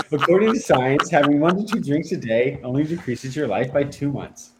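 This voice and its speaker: A man's voice: on the high side, moderate pace, background noise. A man speaking as a guest on a radio talk show, telling light stories in a playful way with frequent laughter. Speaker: guest editor. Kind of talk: casual radio chat.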